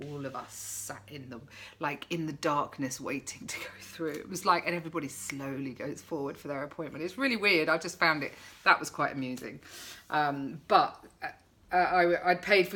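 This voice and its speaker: A middle-aged woman talks casually to camera, wry and a little sarcastic. Her voice sits low but comes out bright and forceful. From England. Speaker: vlogger.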